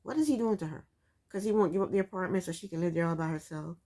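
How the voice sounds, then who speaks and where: A woman's voice: lowish voice, fast talker, mellow. A woman recapping a reality TV show in casual commentary, sassy and exasperated, firing off rhetorical questions.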